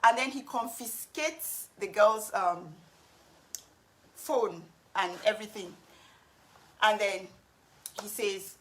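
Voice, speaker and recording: A woman's voice: medium pitch, slow, long pauses, fairly bright tone. A woman telling a personal story to camera, earnest and frank. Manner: earnest, frank, with some restarts. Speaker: vlogger.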